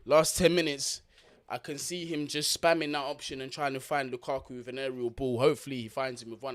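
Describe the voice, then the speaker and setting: A man calls a football match live for his watch-along viewers. His voice sits in an ordinary middle pitch, and his talk is blunt, slangy and full of swearing. He speaks straight to his audience as he goes. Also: level tone, a little fast, a bit bright. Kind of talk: casual live football commentary.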